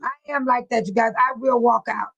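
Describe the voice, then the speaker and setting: A woman's voice: a little high, fairly even intonation, a little fast, vocal fry, a bit bright, poor audio. A woman hosting a live stream, chatting casually with viewers and telling stories with frequent laughter. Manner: chatty, laughing often, colloquial storytelling.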